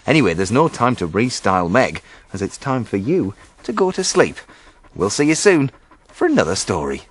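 A man reading a children's bedtime story aloud as the show's host, with expressive voices. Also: lowish voice, moderate pace, husky. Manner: lively, expressive voices for each character.

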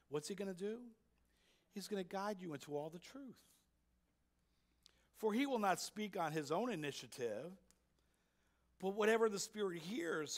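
Emphatic preacher man, higher-pitched voice. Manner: emphatic, asks the congregation rhetorical questions. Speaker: pastor. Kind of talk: sermon. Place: church sanctuary.

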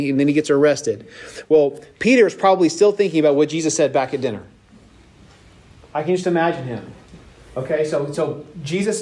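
A man teaching a casual Bible lesson to young adults, retelling the story with lively acted-out voices. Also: a little high. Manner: animated storytelling, acts out voices with laughs.

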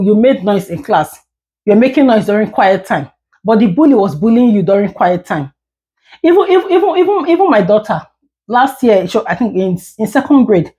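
A woman's voice: medium pitch, a little mellow. A woman in her thirties, a parent vlogger, ranting to the camera in a candid, emphatic way, often repeating words when heated. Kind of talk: candid talking-head rant.

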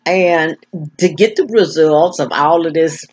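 Slow, husky-voiced older woman. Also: sits low. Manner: slow, effortful speech with word-finding stumbles and repeats; frank, plain-spoken. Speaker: vlogger. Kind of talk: casual personal talk to camera. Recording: dull lo-fi recording.

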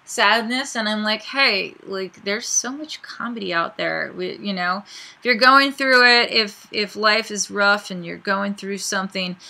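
A chatty woman talks straight to her viewers in a casual, rambling way. Her voice is very bright and sharp. She sounds bubbly and easygoing, with a pitch in the middle of the usual range. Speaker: YouTube reaction host. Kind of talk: casual chat to camera.

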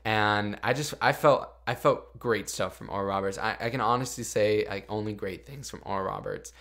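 A man's voice: lowish voice, moderate pace, fairly bright tone. A young man hosting a podcast, telling a personal story in an earnest, confessional way with lots of "like". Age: young adult. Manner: earnest and confessional, heavy use of "like". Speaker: podcast host. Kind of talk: casual storytelling.

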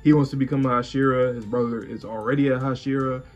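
A man's voice: medium pitch, fairly even intonation, fast talker, lo-fi sound, soft background music. A man co-hosting an anime reaction show, talking in a loose, rambling way with lots of fillers. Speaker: co-host of an anime reaction channel. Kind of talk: casual chat.

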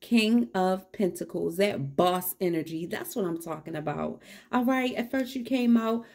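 A woman's voice: mid-range voice, unhurried, a little mellow. Chatty woman reading tarot cards. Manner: upbeat, encouraging, chatty, talks straight to viewers. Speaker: tarot reader. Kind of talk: casual tarot card reading. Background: cat meowing.

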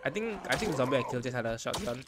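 A man's voice: mid-range voice, animated, racing, background noise. A young man giving frantic gameplay commentary, panicking and repeating short phrases over and over. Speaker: gaming YouTuber.

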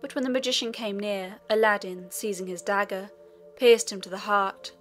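Woman narrating a storybook over soft music. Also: medium pitch, fairly even intonation, moderate pace. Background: faint music.

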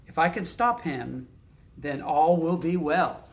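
A man's voice: a little high, expressive, takes it slowly. A man reading a picture book aloud, adding casual asides and thoughtful hums between lines. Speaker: narrator.

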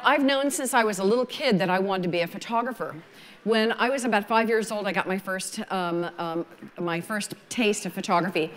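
A woman in her sixties with a Southern American accent, telling her story at a photography conference in a folksy, animated way. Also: medium pitch, long reverb tail. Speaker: photography speaker. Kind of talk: conference talk.

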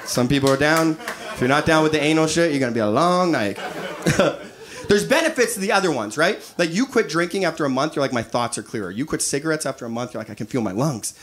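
Animated stand-up comic in his thirties. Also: on the high side, fast. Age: 30s. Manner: animated, acts out quoted voices, laughs at own jokes. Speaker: stand-up comedian. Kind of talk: stand-up comedy set. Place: live comedy venue with audience. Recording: live stage recording with audience noise.

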